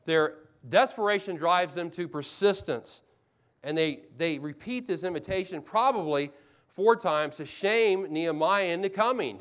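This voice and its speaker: A man preaching a sermon as pastor, earnest, asking rhetorical questions and repeating phrases for emphasis. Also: high voice.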